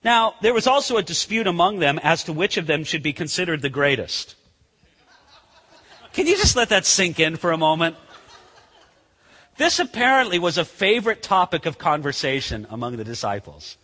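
A male pastor preaches an animated, conversational sermon and acts out scenes as he goes. His voice sits high, swings widely in pitch and sounds bright with a husky edge. Long reverb trails his words through a church sanctuary. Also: normal speed. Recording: long reverb of a large hall.

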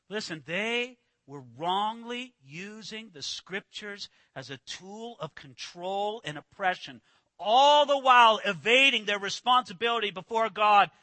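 A man preaching a sermon, swinging from loud emphatic declarations to hushed, low passages, and acting out quoted lines. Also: dry recording. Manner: dramatic swings from shouting to near-whisper; acts out quoted voices with emphasis. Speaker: pastor.

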